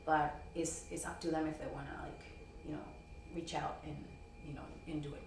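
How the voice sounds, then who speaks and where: A woman's voice: low voice, little pitch movement, brisk, a little hiss or hum. A woman being interviewed as a wrestling promoter and wrestler, chatting casually and filling her talk with "you know" and "girl". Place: convention hall. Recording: roomy echo from a distant mic.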